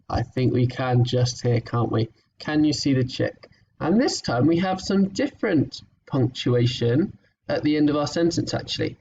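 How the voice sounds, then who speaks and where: A man teaching a recorded phonics lesson to young children, encouraging and patient, sounding words out slowly. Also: mid-range voice, vocal fry, darkish tone, far from the mic, highs cut off, slight background noise.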